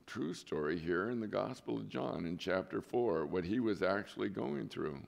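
Lower-voiced pastor telling a story. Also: male voice, vocal fry. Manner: conversational storytelling with asides to the congregation. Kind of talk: sermon. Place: church.

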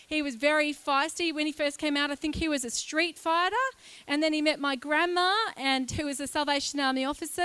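A woman, preaching a lively, chatty sermon in a church and joking with the congregation. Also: high voice, dry recording. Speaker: guest preacher.

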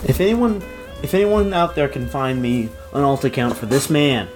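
A man co-hosting a relaxed podcast chat, full of wry, dry jokes. His speaking voice is mid-pitched, and faint music hums softly behind him. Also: normal speed. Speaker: podcast co-host. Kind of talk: casual chat.

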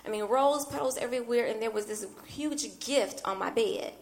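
A woman minister tells a personal story from the pulpit, her fairly high voice carrying a gravelly fry. She preaches in an animated storytelling way and keeps cutting in with "I mean" asides. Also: moderate pace. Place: church.

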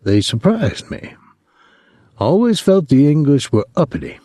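A man reading as a young soldier from Saint Louis, talking in a soft, lazy drawl with an ironic edge. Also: fairly high pitch, sing-song, measured pace, dry recording, clean studio sound, pitched above the performer's own voice.

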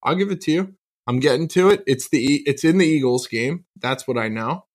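A man talking up his sports bets with brash confidence. His voice sits in an everyday middle pitch, and he calls each pick a guaranteed lock in a loose, chatty way. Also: a little fast. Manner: boastful, animated. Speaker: sports betting co-host. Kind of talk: casual sports betting talk.

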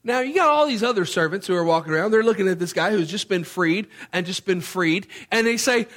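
A man, from Memphis, Tennessee, preaching a sermon as an animated storyteller who acts out the scenes. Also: sits high, fairly quick, few pauses.

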